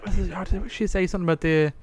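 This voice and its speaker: A man's voice: high voice, steady tone, very fast. A man co-hosting a podcast, retelling a story casually and acting out quoted lines along the way. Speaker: podcast co-host. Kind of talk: casual chat recapping a story.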